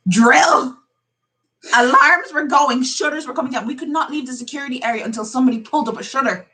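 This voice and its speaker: A woman's voice: sits high, fast. An Irish woman in casual chat, telling stories animatedly, acting out what people said and laughing often. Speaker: vlogger telling stories to family.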